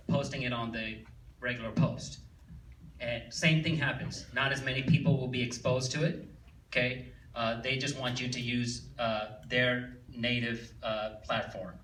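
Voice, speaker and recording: A man's voice: mid-range voice, a bit bright. A man speaking as a guest at a live seminar, plain and casual with many fillers, often checking in with the audience. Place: event hall with audience. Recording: echoey hall, distant mic, faint room noise.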